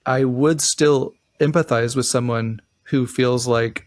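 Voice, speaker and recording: A man's voice: medium pitch, fairly even intonation, unhurried, no room sound, studio quality. A young man co-hosting a relationship podcast, giving earnest advice in a casual chat with frequent restarts. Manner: earnest, thoughtful, frequent restarts and acted quotes.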